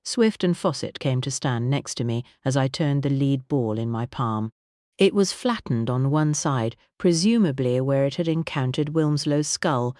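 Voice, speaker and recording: An audiobook narrator giving a measured, even scripted narration of a mystery novel. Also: medium pitch, no room sound, studio quality.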